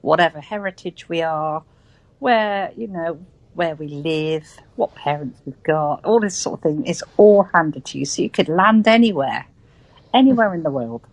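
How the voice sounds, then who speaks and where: Woman, British, West Country accent, interview guest, earnest, emphatic, lowish voice, dry sound. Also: expressive, normal speed, dry recording, rough recording. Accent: West Country English. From Britain. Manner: earnest, emphatic, repeats points for stress. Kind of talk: conversational interview.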